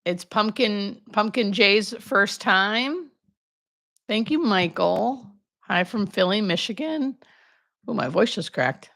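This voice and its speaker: A woman in her thirties chats on a livestream from home, welcoming viewers one by one and joking at her own expense. Her voice is clear and bright, at a middle pitch for a woman. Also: expressive, slow pace. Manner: chatty, greets viewers by name, self-deprecating asides. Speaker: hospice nurse and livestream host. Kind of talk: casual live Q&A chat.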